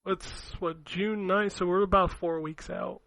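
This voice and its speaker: A man's voice: sits high, fairly even intonation, measured pace, a bit bright, no room sound, low-quality recording. A man co-hosting a gaming podcast, rambling and laughing as he swears his way through casual chat. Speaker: podcast co-host.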